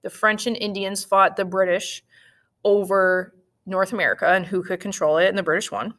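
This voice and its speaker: A woman's voice: mid-range voice, moderate pace. Woman teaching history with jokes. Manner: lively, joking, lots of acted-out asides. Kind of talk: casual classroom lecture.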